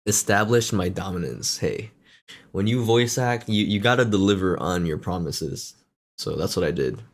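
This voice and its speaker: A man's voice: sits low, normal speed. A man streaming a casual chat, self-mocking and laughing often between sentences.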